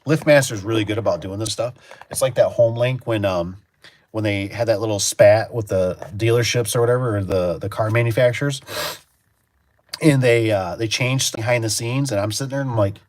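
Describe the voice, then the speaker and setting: A man's voice: lowish voice, a little fast, a little mellow, dry recording. A man working as a garage door technician, chatting in a rambling, storytelling way on a casual livestream and acting out his own reactions.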